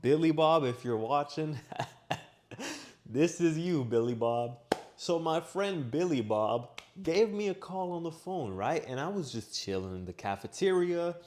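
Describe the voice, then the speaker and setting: Young male vlogger, casual storytelling, animated delivery. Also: fairly high pitch, measured pace, slight background noise. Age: young adult. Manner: animated, acts out his own shouting in quoted lines. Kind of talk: personal storytelling. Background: washing machine running.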